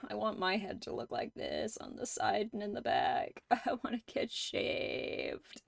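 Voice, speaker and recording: A woman hosting a livestream, chatting casually with viewers, laughing often and swearing freely in animated reactions. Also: medium pitch, measured pace, creaky, breathy edge, no echo. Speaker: livestream host.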